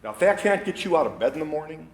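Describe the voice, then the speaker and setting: A man in his sixties, a wrestling coach and educator, giving an animated storytelling speech to a school faculty and laughing at his own anecdotes. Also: on the high side, rapid-fire. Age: 60s. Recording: echoey room, faint background noise.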